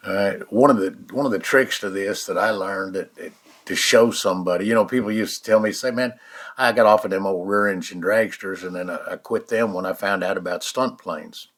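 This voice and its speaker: Low-voiced older man. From United States. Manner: folksy, repeats "all right?" and "okay?"; slow, soft-spoken guidance. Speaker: author teaching a mind exercise. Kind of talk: guided eyes-closed exercise talk.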